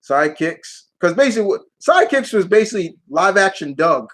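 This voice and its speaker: A man's voice: high-pitched, big pitch swings, a little fast, a bit bright, rough recording. A man hosting a live Q&A stream, answering viewer questions in a rambling, casual way and laughing as he retells movie scenes.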